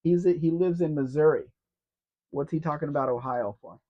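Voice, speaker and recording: A man's voice: fairly high pitch, normal speed. Offhand man chatting on a lo-fi stream. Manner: offhand, musing commentary on cars. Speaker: live stream co-host. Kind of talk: casual live Q&A chat. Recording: dull lo-fi stream audio.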